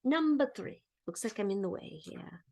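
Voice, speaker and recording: A woman's voice: mid-range voice, expressive, moderate pace, mellow. A middle-aged woman teaching a children's grammar lesson, patiently drilling question-and-answer chants.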